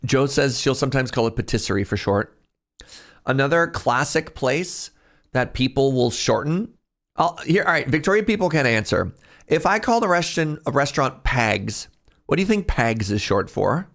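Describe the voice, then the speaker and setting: A male streamer chats with his audience in a loose, joking manner and laughs often. His voice has a gravelly edge and swings widely in pitch. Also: very animated, normal speed, a bit bright. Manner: jokey, chatty, reads chat aloud and laughs often. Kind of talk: casual live-stream chat.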